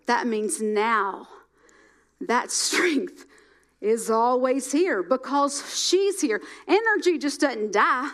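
A middle-aged woman delivers a sermon in a high voice. She repeats lines for emphasis and swings between loud, emphatic phrases and hushed, near-quiet ones. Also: animated, slow. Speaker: preacher.

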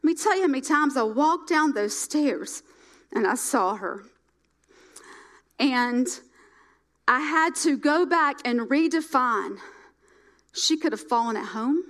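Middle-aged woman preaching, high voice, repeats herself for emphasis, goes loud then real quiet. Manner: emphatic and repetitive, with big swings between loud and hushed. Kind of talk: sermon.

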